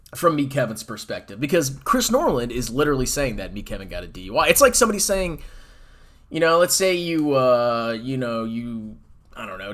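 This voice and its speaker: Animated, ranting male commentary host. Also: medium pitch. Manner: sarcastic, mocking and heated. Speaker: finance YouTuber host.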